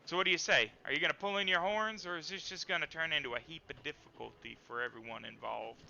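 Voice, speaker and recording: A man voicing a gruff hard-drinking woman agent. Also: on the high side, quick pace, sharp tone, lo-fi sound, a little hiss or hum, full character voice. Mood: warning.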